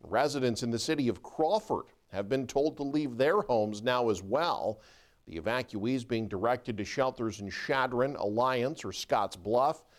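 Brisk male news anchor. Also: mid-range voice. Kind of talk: scripted news reading.

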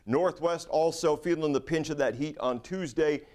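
A man's voice: fairly high pitch, moderate pace, darkish tone. A man giving a conversational weather forecast, with a few fillers.

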